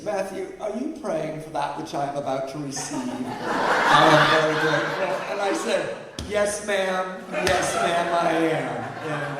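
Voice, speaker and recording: A man's voice: fairly high pitch, heavy background noise. A middle-aged man speaking as a guest at a recovery meeting, telling a personal story in a candid, self-deprecating way. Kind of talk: personal story told to an audience. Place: large hall with an audience. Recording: echoey hall, mic heard from far off.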